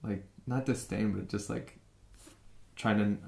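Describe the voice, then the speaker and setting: A young man from San Francisco speaks in a fairly low voice as an interview guest. He talks casually and haltingly, filling gaps and restarting his sentences. The room around him sounds echoey. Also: fairly even intonation, vocal fry, a little mellow, a little hiss or hum. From San Francisco, USA. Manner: halting, many fillers and restarts.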